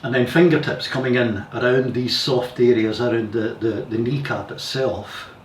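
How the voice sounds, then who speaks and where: Calm man guiding yoga in echoey room. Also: mid-range voice, normal speed. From Scotland. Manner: calm, careful step-by-step guidance with repeated cautions. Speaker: yoga teacher. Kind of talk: guided yoga instruction. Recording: echoey room, distant mic, faint hiss.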